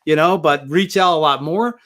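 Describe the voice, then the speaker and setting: An older man hosting an interview, telling stories at length with lively enthusiasm. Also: fairly high pitch, normal speed. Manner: rambling storyteller, enthusiastic. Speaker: interview host. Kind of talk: casual interview talk.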